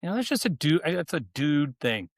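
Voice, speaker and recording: A man's voice: fairly high pitch, big pitch swings, brisk, no room sound, studio quality. A man in his fifties, a podcast guest telling stories in a casual, slangy way and laughing easily. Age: 50s. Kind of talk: casual chat.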